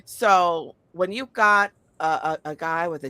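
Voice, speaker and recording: A woman hosts a casual conversation, telling funny stories and acting out quotes in little voices. Her tone is bright and her swearing is casual. The sound is dry and close. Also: on the low side, a little slow, clean tone, dry recording. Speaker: host. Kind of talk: casual storytelling chat.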